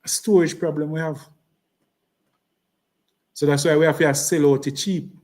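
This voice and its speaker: A political speaker with a Jamaican accent and a slightly mellow, higher-pitched voice speaks at a normal speed with fairly even intonation. His campaign speech is impassioned and repetitive, and he slips into patois.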